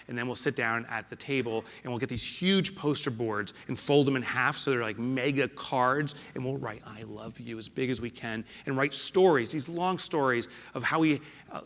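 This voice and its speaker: Keynote speaker, man, middle-aged, bright voice, big reverberant hall, swings from loud to hushed. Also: mid-range voice, fairly even intonation, fairly quick. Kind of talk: motivational stage speech. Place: large hall before a live audience.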